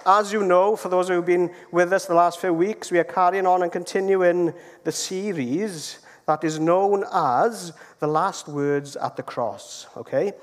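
A Welsh man delivers a storytelling sermon in a fairly high voice, chatty and easygoing, often pausing to ask his listeners "okay?". His words ring on with the long reverb of a large hall. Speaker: preacher.

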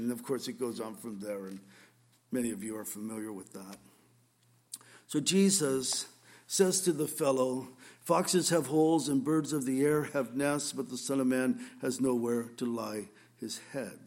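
A man preaching a sermon, reading scripture and expounding on it, swinging between loud rhetorical questions and quiet asides. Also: medium pitch, normal speed. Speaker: pastor.

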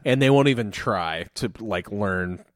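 A man's voice: on the low side, lively intonation, unhurried. A man from Ohio chatting casually as a co-host, telling travel stories in a rambling way with many fillers and restarts. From Ohio, United States. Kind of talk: casual chat.

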